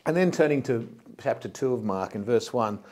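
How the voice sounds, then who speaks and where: A man's voice: medium pitch, expressive, normal speed, darkish tone. A man from Australia, a pastor, preaching a sermon in a plain, explanatory way and often repeating words as he goes.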